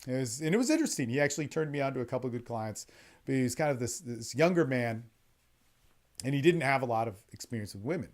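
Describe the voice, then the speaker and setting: A man talks in a blunt, profane, casual monologue, rushing through a story with frequent restarts. His pitch sits in an ordinary middle range for a man. It was recorded over an online call. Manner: blunt, profane, animated, quick-talking storyteller with many restarts. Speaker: dating and men's development coach.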